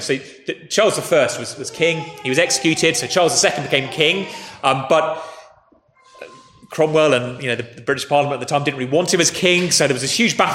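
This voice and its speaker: A man with a voice a little higher than usual delivers a relaxed, storytelling sermon and turns to speak to the children. His voice fills a roomy church with a long reverb tail. A faint hiss sits underneath. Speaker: preacher. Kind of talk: conversational sermon.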